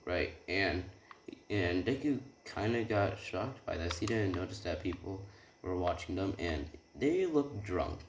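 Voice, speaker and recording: A man's voice: low-pitched, expressive, measured pace, a little hiss or hum. A young man improvising a fan-fiction story, rambling and correcting himself as he goes. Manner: rambling, self-correcting, lots of "he's like". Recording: roomy with keyboard clicks.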